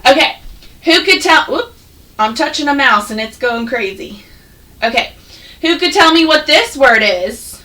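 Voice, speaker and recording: A woman teaching first graders an online phonics lesson, patient and encouraging, sounding words out slowly. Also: high-pitched, lively intonation, pushed and bright, distant mic, low-quality recording.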